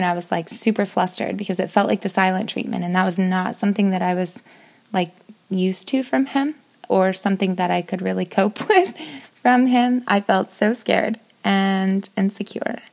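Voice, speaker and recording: A woman's voice: medium pitch, vocal fry, darkish tone. A woman in her thirties telling a personal story in a candid, confessional way, full of fillers and swearing.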